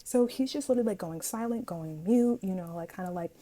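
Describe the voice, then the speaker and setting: A young woman vlogger telling a story from school in an animated, dramatic way, acting out what people said. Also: mid-range voice, fast. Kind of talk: casual storytime vlog.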